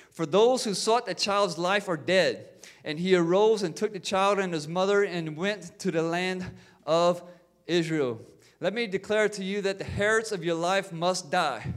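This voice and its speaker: Man, high voice, preaching a sermon, fervent build-ups, repeats words, calls of amen. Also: fairly bright tone. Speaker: pastor.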